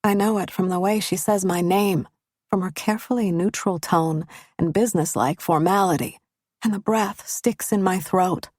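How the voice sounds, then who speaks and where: A woman's voice: fairly low pitch, normal speed, a little mellow, no echo. A woman reading a first-person thriller audiobook with intimate, tense storytelling on a studio mic. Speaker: audiobook narrator.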